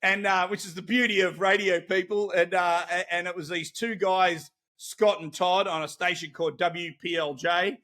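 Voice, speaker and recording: A middle-aged Australian man telling stories as a podcast guest, animated, loose and profane. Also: sits high, moderate pace, few pauses. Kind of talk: casual storytelling.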